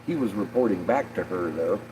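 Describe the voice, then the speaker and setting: A man's voice: deep voice, expressive, fairly quick, rough recording. A man in his fifties talking candidly on a livestream, rambling and profane, often laughing and restarting his sentences. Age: 50s. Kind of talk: candid personal livestream talk.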